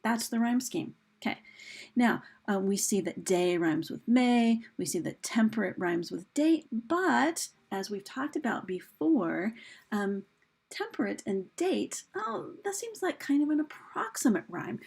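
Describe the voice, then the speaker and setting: A woman's voice: fairly high pitch, very animated, unhurried, creaky, a little mellow, husky. A woman teacher talking through a recorded lesson over slides, chatty, with fillers and questions put to her students. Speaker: English teacher.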